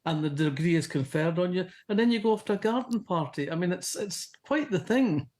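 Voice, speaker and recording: A woman's voice: lowish voice, animated, fairly quick, darkish tone. Scottish woman telling stories. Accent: softened Fife Scottish. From Scotland. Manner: chatty, anecdotal storyteller. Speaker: novelist guest. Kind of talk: casual interview chat.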